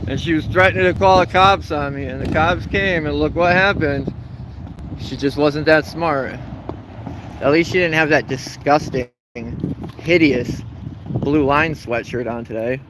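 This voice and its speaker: A man filming himself outdoors in a parking lot, mocking people and shouting slogans as he walks. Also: fairly high pitch, unhurried, noisy background. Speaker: protester filming a vlog. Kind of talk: casual outdoor protest vlog.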